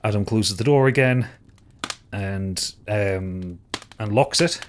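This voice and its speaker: A man's voice: fairly low pitch, takes it slowly, a little hiss or hum. A man narrating as game master of a tabletop game, hesitant and full of fillers and restarts.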